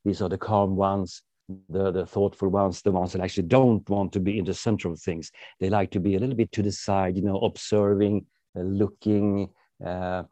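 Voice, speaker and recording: Man, author guest, animated, playful, mellow lowish voice, dry lo-fi recording. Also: moderate pace, no room sound. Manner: animated, playfully acts out personality types. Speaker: author and speaker, podcast guest. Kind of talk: interview conversation.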